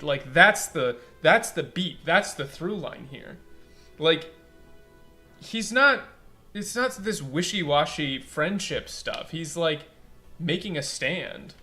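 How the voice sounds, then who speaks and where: Male let's play commentator, blunt and animated, bright edge, faint game music under him. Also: a little high, takes it slowly. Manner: animated, blunt, casual swearing, many "like" fillers. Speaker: game localization critic.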